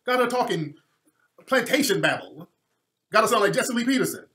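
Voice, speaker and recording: A man's voice: high-pitched, expressive, a little fast, a bit bright. A man giving a heated commentary rant, emphatic and repetitive, with frequent swearing. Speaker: online commentator.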